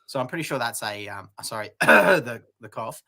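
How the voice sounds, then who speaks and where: A laid-back Australian man co-hosts a comedy news chat, with a bright, forward tone. His sarcasm is dry, and he lets sentences trail off into mumbles. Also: mid-range voice, animated, moderate pace, vocal fry. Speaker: co-host.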